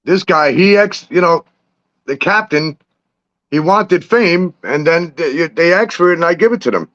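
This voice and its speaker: A man with a fairly high voice speaks at a measured pace on a muffled recording. As a livestream guest, he tells street stories with plenty of profanity and laughter between lines.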